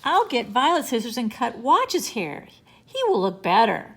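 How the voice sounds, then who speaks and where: A woman's voice: fairly high pitch, very animated, a little slow, fairly bright tone, a little hiss or hum, pitched above the performer's own voice, heavily acted. A woman reading aloud and voicing a small, eager boy who begs and plays. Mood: cheerful. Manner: pleading, childlike.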